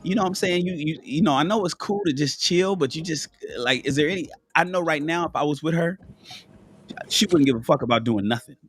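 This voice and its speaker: A man's voice: on the high side, fairly quick, fairly bright tone, slightly rough, no room sound, clean studio sound. A man who is sick and lying down, talking bluntly and profanely as a panelist in a casual chat, with many restarts and a cough. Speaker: panelist on a live call-in show. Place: at home in bed.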